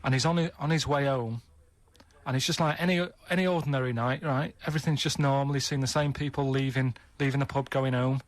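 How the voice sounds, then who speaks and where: A man's voice: mid-range voice, fairly even intonation, a little fast, dry recording. A man on a radio show telling a long, rambling story in a plodding way, repeating himself and checking in with "right?" at every turn. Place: radio studio.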